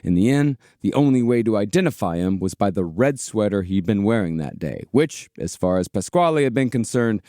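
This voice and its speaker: A man hosting a comedic history podcast, telling the story in a steady way with casual swearing. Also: fairly low pitch, a little fast, few pauses, dry recording, studio quality. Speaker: podcast host, narrator.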